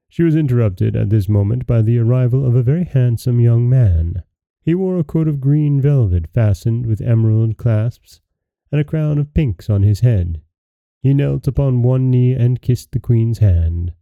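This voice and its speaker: A man reads a fairy tale aloud in calm, even storybook narration. His voice is gravelly and very dark. The recording is dry, with no room sound, and a little dull. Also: medium pitch, normal speed, dry recording. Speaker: podcast host and storyteller.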